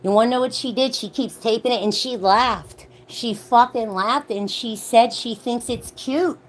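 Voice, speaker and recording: A woman's voice: on the high side, fairly even intonation, moderate pace. A young woman vlogger in a heated, profane rant, commenting on another mother. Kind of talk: ranting commentary vlog.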